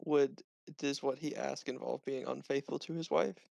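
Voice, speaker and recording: A man's voice: medium pitch, fairly even intonation, moderate pace, gravelly, a little mellow, no room sound. A man playing a tabletop game, speaking formally in character as a player. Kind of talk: tabletop role-play.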